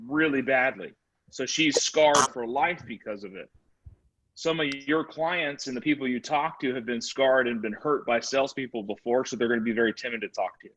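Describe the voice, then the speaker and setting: A man giving a motivational sales training talk, telling animated stories about his dog. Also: medium pitch, normal speed, a little hiss or hum. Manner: animated, energetic storytelling. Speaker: real estate sales trainer. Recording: slightly muffled recording.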